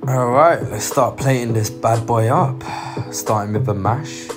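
A man's voice: medium pitch, measured pace. Young man joking through a recipe. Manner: joking, sardonic asides with easy laughter. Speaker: cooking vlogger. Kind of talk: casual voice-over cooking narration. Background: background music.

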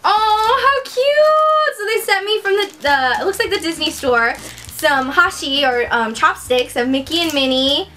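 A young woman chatting excitedly on her vlog as she unboxes a gift package, gushing with many exclamations. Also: high voice, normal speed, a little hiss or hum. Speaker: vlogger.

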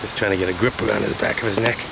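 A man working in wildlife removal outdoors by a shed, calmly explaining his work and gently coaxing. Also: fairly low pitch, racing, creaky. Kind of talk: explaining on the job. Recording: loud background noise outdoors.

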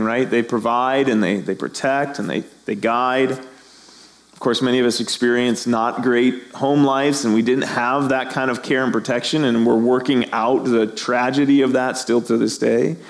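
Animated man preaching a sermon. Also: mid-range voice. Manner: animated, acts out voices of the people and the prophet. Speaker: pastor.

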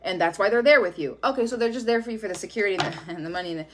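A woman's voice: mid-range voice, very fast, noisy background. A woman giving a casual tarot reading to camera, blunt and profane, laughing often. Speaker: tarot reader.

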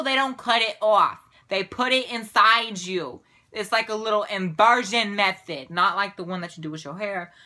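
A woman's voice: medium pitch, pushed and bright. A young woman ranting in a casual vlog to her camera, sassy and exasperated, with a mocking edge. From Puerto Rico. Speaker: vlogger.

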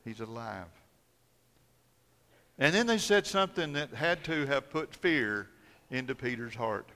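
Male pastor preaching with dramatic storytelling, forceful bright voice, long church reverb. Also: a little high, sing-song, normal speed. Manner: dramatic storytelling, swinging from loud to hushed. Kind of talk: sermon. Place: church sanctuary.

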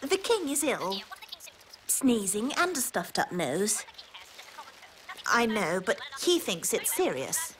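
An actress playing a patient fairy queen who soothes her husband in a sensible, gentle way. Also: a little high, very animated, slow pace, pauses often, slight background noise, full character voice.

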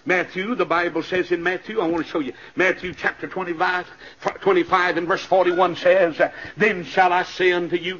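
A man preaching a revival sermon in a church, dropping to low asides and then bursting into shouted climaxes, heard on a 1970s LP recording. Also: muffled recording. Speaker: evangelist.

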